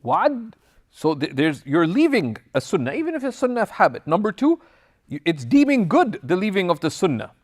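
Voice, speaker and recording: A man's voice: high-pitched, normal speed. A man teaching a religious class, reading Arabic passages and explaining them in English, with personal stories. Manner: lively, switches between Arabic text and English explanation; tells anecdotes, acting out dialogue in passing. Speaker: Islamic teacher. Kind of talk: recorded class lecture.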